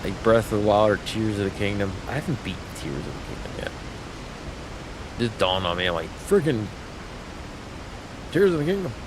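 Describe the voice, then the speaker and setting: Male streamer, lowish voice, loose rambling gamer chat over faint hiss. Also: a little fast. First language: English. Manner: rambling, full of fillers and restarts. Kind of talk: casual livestream chat while gaming.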